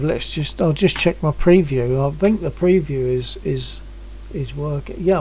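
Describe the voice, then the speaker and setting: Older man streaming a flight sim, genial and chatty, gravelly fry in his voice, slightly raised pitch. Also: mellow, poor audio. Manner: genial, chatty, old-fashioned greetings. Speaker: streamer and host. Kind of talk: casual game stream chat.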